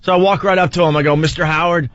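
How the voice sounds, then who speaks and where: A man in his forties hosting a radio show, telling a self-mocking story in a lively, casual way from a studio mic. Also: fairly high pitch, very fast, no echo. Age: 40s. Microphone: studio microphone. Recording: slightly dull, dry radio broadcast audio.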